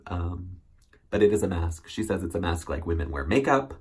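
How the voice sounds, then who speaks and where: A man's voice: low-pitched, lively intonation, moderate pace, slightly rough. A man hosting a solo recap show, chatting casually and rambling with many ums and self-corrections. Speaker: recap host.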